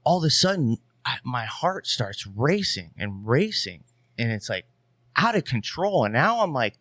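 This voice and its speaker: A man's voice: mid-range voice, normal speed, dry recording. A young adult man, a podcast guest, telling a long rambling story in casual talk with plenty of fillers. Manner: rambling, animated, many fillers.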